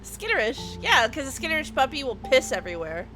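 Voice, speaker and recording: A woman's voice: high-pitched, sing-song, fairly quick. A woman hosting a game stream, chatting and teasing her friends playfully and laughing often. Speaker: stream host. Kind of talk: casual chat. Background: background music.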